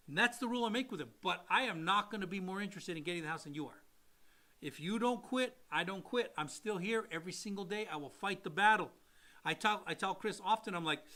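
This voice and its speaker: A man's voice: a little high, fairly quick. A man co-hosting a podcast as a loan officer, telling a client story with acted-out quotes that sometimes sink to near-whispers. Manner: animated storyteller who acts out quotes and drops to near-whispers.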